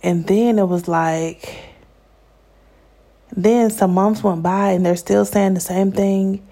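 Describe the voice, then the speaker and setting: A woman's voice: mid-range voice, fairly even intonation, takes it slowly, mellow. A young woman telling a personal story in a candid, chatty way, often laughing as she talks. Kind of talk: casual storytime monologue.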